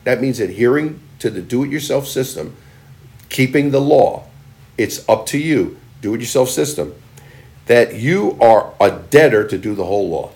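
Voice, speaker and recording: A male pastor preaching a sermon, reading scripture and driving points home with emphatic, punchy delivery that swings between loud and soft. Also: mid-range voice, vocal fry.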